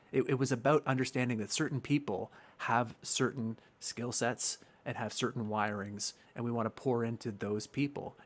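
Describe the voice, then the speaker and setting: A man hosting a podcast, talking loosely and joking with his guest over a video call, with many restarts. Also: mid-range voice. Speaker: podcast host.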